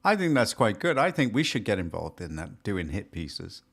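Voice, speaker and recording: A man co-hosting a casual chat show, joking and animated. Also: on the low side, moderate pace, creaky. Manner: jokey, animated, laughs at his own gags. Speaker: podcast co-host.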